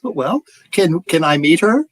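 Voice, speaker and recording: A man's voice: on the high side, animated, a little slow, no room sound. A man hosting a talk show, asking brief questions and laughing along with his guest. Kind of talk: interview questions.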